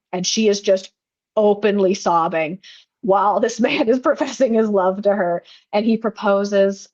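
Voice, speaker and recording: Chatty woman, slightly muffled sound. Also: medium pitch. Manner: chatty, many fillers and restarts. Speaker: podcast co-host. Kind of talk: casual chat recapping a film.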